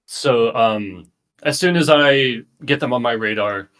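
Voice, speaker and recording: A man's voice: mid-range voice, unhurried, a bit bright. A man playing a tabletop game, describing his character's actions in a laid-back, matter-of-fact way. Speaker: player.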